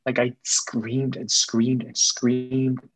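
A young man, a guest, telling a personal story in casual conversation, quick and earnest, slipping in Spanish phrases. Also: medium pitch, monotone, no echo, faint music behind, poor audio.

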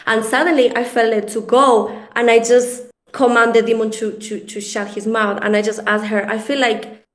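Woman guest, earnest testimony, slightly high voice, roomy sound. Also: little pitch movement, normal speed. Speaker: guest speaker. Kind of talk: testimony in casual chat.

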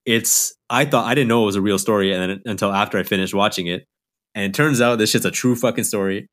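A man's voice: lowish voice, fast, fairly bright tone. A man co-hosting a podcast, chatting loosely with lots of swearing and laughter. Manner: loose, profane, laughs a lot. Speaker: podcast co-host. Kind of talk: casual chat.

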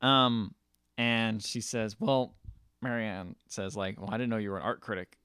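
A man's voice: on the low side, steady tone, normal speed, pushed and bright, smooth, dry recording, studio quality. A man co-hosting a podcast, casually retelling a film's plot and acting out the characters' lines as he goes. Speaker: podcast co-host. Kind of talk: casual film recap chat.

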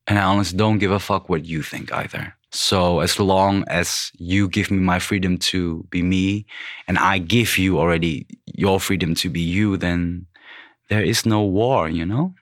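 A man's voice: sits low, fairly even intonation, a little slow, dry recording, studio quality. A man in his thirties who grew up in the Netherlands, a podcast guest speaking bluntly and frankly in casual chat, swearing freely. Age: 30s.

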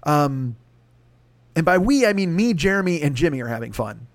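A man with a fairly high voice tells a rambling comic story, profane and animated, jumping into other people's voices as he goes. The sound is dry and close, with no room around it. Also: normal speed, no echo. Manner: animated, swears constantly, acts out other people's lines. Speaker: podcast host telling a story.

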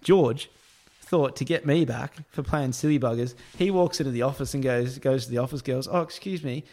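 A man's voice: mid-range voice, moderate pace, warm tone. A man telling a casual anecdote about work, with crude slang, acted-out quotes and frequent laughs. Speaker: storyteller, construction worker.

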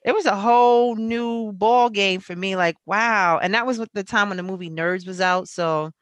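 A woman's voice: medium pitch, normal speed, no echo. A woman in a casual podcast chat, speaking in a wry, easygoing way.

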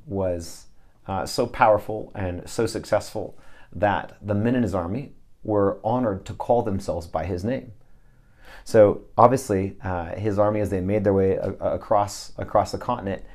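A man's voice: low-pitched, fairly even intonation, moderate pace, darkish tone. A man who leads a ministry, answering interview questions with earnest stories and scripture in a preaching tone. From Texas. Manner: earnest, storytelling with scripture quotes. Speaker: ministry leader, guest.

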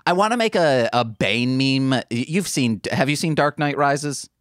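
A man co-hosting a podcast, playful and quick with jokes in casual chat over an internet call. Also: medium pitch, animated, a bit bright, dry recording. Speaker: podcast co-host. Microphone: remote call over internet. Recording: dry remote call audio.

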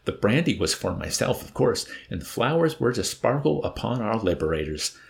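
A man's voice: lowish voice, very animated, normal speed, vocal fry. A man doing a suave, mocking old villain. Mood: gloating. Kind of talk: audiobook character voice.

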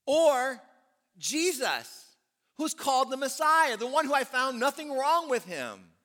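A man's voice: very high-pitched, sing-song, measured pace, sharp tone, long reverb tail, voice pushed up, heavily acted. A man voicing an exasperated Roman governor who keeps questioning a crowd in disbelief. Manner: incredulous, pleading questions.

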